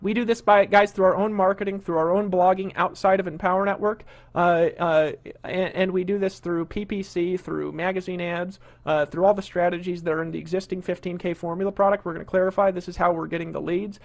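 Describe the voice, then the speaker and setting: A high-pitched man hosting an online marketing webinar. He is middle-aged and talks like a pushy salesman, full of fillers and repeats. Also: steady tone, fairly quick. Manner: pushy salesman, scolds a complainer. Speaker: webinar host.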